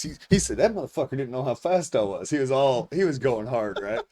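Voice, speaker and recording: A man's voice: mid-range voice, animated, quick pace, few pauses. A man of about forty hosts a podcast and spins a rambling, casual story. His speech is loose and profane, and laughter breaks through as he tells it. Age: 40s. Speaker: podcast host.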